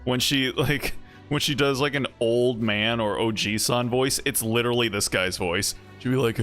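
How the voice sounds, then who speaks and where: A man's voice: medium pitch, expressive, moderate pace, fairly bright tone. A man streaming a video game with casual, rambling, jokey commentary, often breaking into laughs. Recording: faint music underneath.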